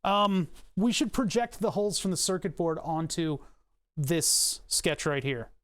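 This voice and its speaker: A man's voice: on the high side, expressive, a little slow, fairly bright tone. A man casually chatting to his livestream chat while working on a design, rambling with joking asides and self-mocking laughs. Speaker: streamer.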